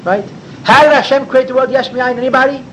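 A man with a high-pitched voice leads a Torah class in a lively lecturing style. He asks rhetorical questions and leans hard on key words. A faint vehicle rumble sits under the recording. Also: quick pace, muffled recording. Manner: animated, rhetorical questions, sweeping pitch for emphasis. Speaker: rabbi teaching a class.

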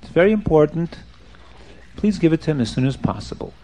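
A man voicing a gentle, wise holy rabbi who soothes a troubled man. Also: on the high side, sing-song, fairly quick. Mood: reassuring.

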